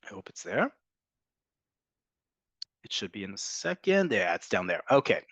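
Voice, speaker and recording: A man teaching an online class, patiently explaining and slowly repeating words to model how they sound. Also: lowish voice, big pitch swings, fairly bright tone, husky, no echo. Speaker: Hebrew teacher.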